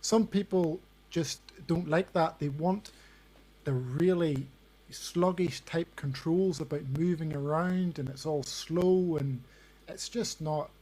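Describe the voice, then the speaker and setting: A man's voice: a little high, takes it slowly, warm tone, poor audio. A man giving his view as a guest in a casual gaming podcast, earnest and full of "you know".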